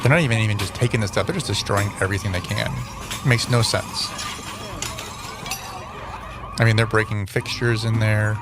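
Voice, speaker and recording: A man's voice: fairly low pitch, quick pace, background noise. Rambling, dryly sarcastic male podcast host. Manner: rambling, self-correcting, dryly sarcastic asides. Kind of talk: casual commentary over news clips.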